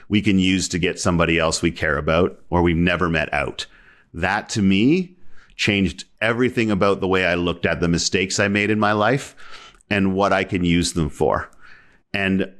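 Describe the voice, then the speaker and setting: Male guest speaker, very deep voice, reflective storyteller, casual interview tone. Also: fairly bright tone.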